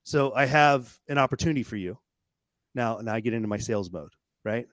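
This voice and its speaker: A man in a mid-range voice, telling a story as a podcast guest. He talks in an animated, casual way, swears freely, and stumbles over repeated words as he rushes ahead. His voice is recorded dry and close. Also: mid-range voice, dry recording.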